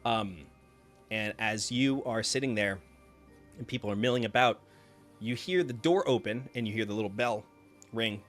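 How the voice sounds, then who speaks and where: A man narrating a tabletop game as game master, halting with frequent fillers. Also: on the low side, soft background music. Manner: halting, with many fillers and restarts.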